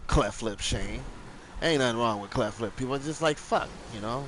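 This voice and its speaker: A man's voice: mid-range voice, moderate pace, fairly bright tone, a little hiss or hum. Rambling, profane young man telling a story. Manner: rambling, profane, acts out quotes in raised voices. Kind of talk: casual storytelling.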